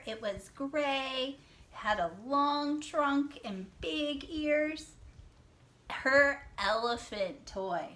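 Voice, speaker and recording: A woman classroom teacher with a high, fairly bright voice gives young children a reading lesson. She speaks slowly, stretches out words to count syllables, praises their answers, and at times whispers.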